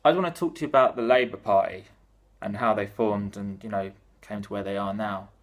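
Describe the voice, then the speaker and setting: A man's voice: on the low side, fairly quick, narrow, tinny audio. A British man gives a loose, offhand account of history in casual talk. He is irreverent and sweary, with plenty of fillers. The tone stays sloppy and comic. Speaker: vlogger explaining history.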